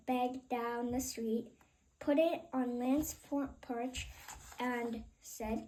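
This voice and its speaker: A woman reading a children's picture book aloud in an expressive, unhurried way. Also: on the high side, rough recording. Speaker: reader. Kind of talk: children's storybook read-aloud.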